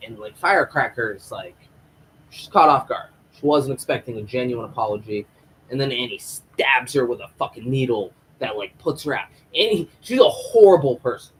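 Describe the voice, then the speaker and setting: Male reviewer, mid-pitched, excitable profane recapper, faint room hum. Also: moderate pace, low-quality recording. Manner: animated, profane storytelling with acted-out quotes. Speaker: show reviewer. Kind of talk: casual episode recap.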